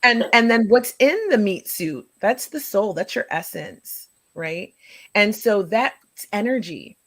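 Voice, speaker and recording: A woman's voice: mid-range voice, expressive, slow pace. Woman hosting a live talk show, kinda rambly, restarts her sentences a lot. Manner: rambling, thinking aloud. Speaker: host.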